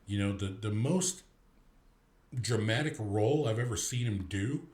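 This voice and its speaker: A man's voice: on the low side, measured pace, a little mellow, reverberant. A man in his thirties hosting a movie review podcast, rambling casually with many restarts and fillers.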